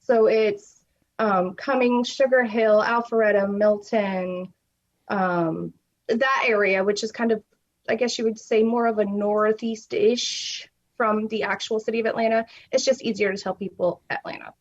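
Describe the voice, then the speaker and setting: A woman's voice: mid-range voice, steady tone, a little slow. A woman guest on a podcast, chatting casually and rambling, laughing often as she talks from home. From US South. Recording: dull lo-fi mic.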